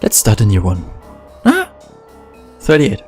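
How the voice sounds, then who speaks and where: A man from Germany with a German accent, giving relaxed, self-deprecating commentary while playing a video game. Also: lowish voice, unhurried, soft background music. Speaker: let's play gamer. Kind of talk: casual gameplay commentary.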